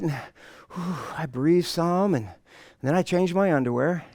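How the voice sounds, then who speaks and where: A middle-aged man giving a storytelling presentation to an audience, animated and self-mocking, acting out the dialogue. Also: sits high, moderate pace, dry recording, studio quality. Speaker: motivational speaker.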